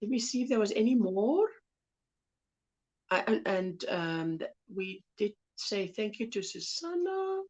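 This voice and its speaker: A soft-spoken woman with a South African accent, hosting a casual crochet livestream, greeting viewers affectionately and reading their comments. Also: mid-range voice, sing-song, a little slow. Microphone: phone.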